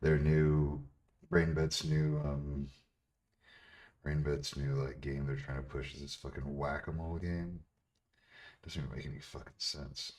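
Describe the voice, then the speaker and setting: A man's voice: very deep voice, flat delivery, moderate pace, a little mellow. A young man chatting casually on a livestream, blunt and full of profanity as he answers questions from chat. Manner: profane, blunt, laughs often.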